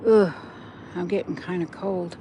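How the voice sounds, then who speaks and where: Older woman, slow unhurried talk, meandering chat to viewers, outdoor river walk, faint noise behind. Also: on the low side, steady tone, gravelly, dark tone. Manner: chatty, meandering, talks straight to viewers. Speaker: vlogger. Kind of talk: rambling walk-and-talk vlog. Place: outdoors by a river in cold weather.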